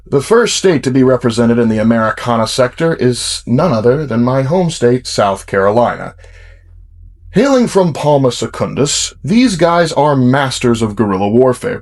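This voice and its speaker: A man explains fictional lore in a casual, informative tone. His voice sits in a middle pitch. He talks as a channel host. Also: lively intonation, normal speed, darkish tone.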